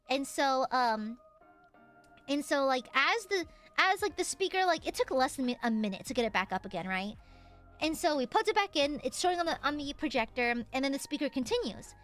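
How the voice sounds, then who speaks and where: A woman streamer telling a story in a casual chat, animated and swearing freely. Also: sits high, a little fast, soft background music. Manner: animated, acts out the voices in her stories; swears casually, lots of fillers.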